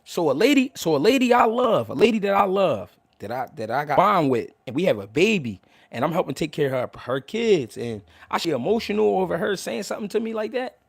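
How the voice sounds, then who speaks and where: A man's voice: sits high, sing-song, fairly quick, gravelly, husky, no room sound. A man hosting a livestream, talking heatedly to his chat, stammering and repeating words as he restarts. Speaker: livestream host answering chat. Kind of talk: emotional unscripted livestream talk.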